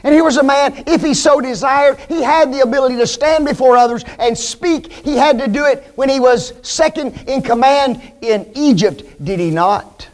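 A man with a strikingly high voice delivers a sermon. He leans hard on his points and keeps asking the congregation rhetorical questions. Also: moderate pace, few pauses. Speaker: preacher.

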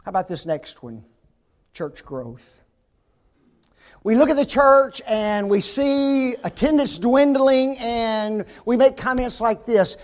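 A male pastor delivers a church sermon with an extremely high, animated voice at a slow pace. He preaches emphatically, poses rhetorical questions, and swings widely between loud and soft.

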